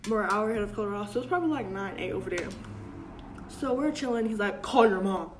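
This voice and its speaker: A young adult woman vlogger tells a casual storytime in an animated, fast, mid-range voice. She's chatty and slangy, acting out the things her family said.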